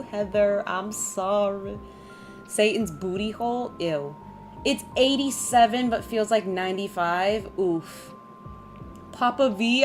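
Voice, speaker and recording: A chatty woman livestreaming a game from her home, with a mid-range voice. She rambles easily, laughs often and keeps turning to talk with her dog and her chat. Soft music plays faintly behind her. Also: medium pitch, expressive, slow pace. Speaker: streamer. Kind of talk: casual chat while streaming a game.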